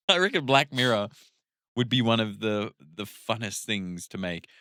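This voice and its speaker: A man's voice: lowish voice, big pitch swings, slow, sharp tone, dry recording, clean studio sound. A man co-hosting a podcast in casual chat, laid-back and often answering with short agreements. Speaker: podcast co-host.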